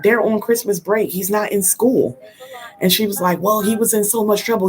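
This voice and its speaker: An older woman, a grandmother, hosting a casual live stream and telling stories in a firm, no-nonsense way, acting out quoted dialogue and now and then clearing her throat. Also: mid-range voice, steady tone, a little fast, a little mellow. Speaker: host of a live parenting talk.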